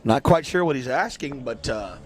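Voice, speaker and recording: A man doing play-by-play for a local baseball game, chatty and joking between pitches. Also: lively intonation, moderate pace, soft background music. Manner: joking, chatty, breaks into silly asides. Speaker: play-by-play announcer.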